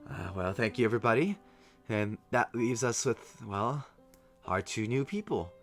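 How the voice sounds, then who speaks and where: A man narrating as game master for a tabletop role-playing game, relaxed and full of filler words. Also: mid-range voice, normal speed, soft background music. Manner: relaxed narration with frequent ums.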